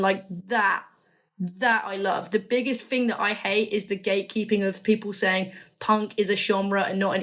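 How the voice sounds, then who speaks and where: A woman talking as a guest on a casual interview podcast. She rambles with real enthusiasm and often breaks off to correct herself mid-sentence. Her voice sits at an ordinary middle pitch. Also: a bit bright. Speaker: magazine editor guest.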